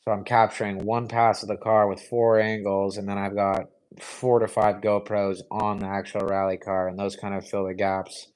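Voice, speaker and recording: Flat-voiced young man, rambling live chat. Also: fairly low pitch, normal speed, clear, resonant tone, poor audio. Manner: rambling, easygoing, many fillers. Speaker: live stream host.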